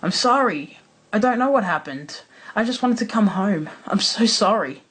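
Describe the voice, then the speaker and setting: A man voicing a frightened young boy who shouts and pleads in a storybook reading. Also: high-pitched, animated, normal speed, husky, pitched above the performer's own voice, exaggerated voice, low-quality recording. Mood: tearful. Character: frightened young boy, panicked then tearful.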